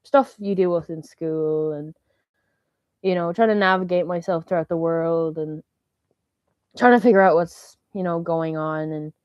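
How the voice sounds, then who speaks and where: A woman in her early twenties hosting a casual solo podcast, rambling and excitable and slipping into meme voices. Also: lowish voice, measured pace, clear, resonant tone, no room sound. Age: 20s. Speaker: podcast host. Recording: dull lo-fi dry sound.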